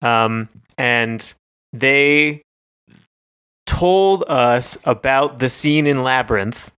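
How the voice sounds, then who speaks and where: Speaking very slowly, this co-host has a clear, resonant, fairly bright voice of medium pitch. His casual podcast chat wanders through hesitant, filler-heavy stories, captured with clean studio sound and no echo.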